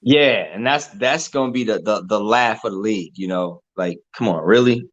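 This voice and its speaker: A man co-hosting a casual sports chat, relaxed, often repeating words as he talks. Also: on the low side, moderate pace, dry recording, dull audio.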